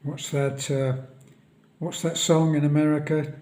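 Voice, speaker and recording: A man speaking a solemn, halting vlog monologue on a death in a friend's family. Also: on the high side, flat delivery, dark tone. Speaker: vlogger. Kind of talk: reflective monologue.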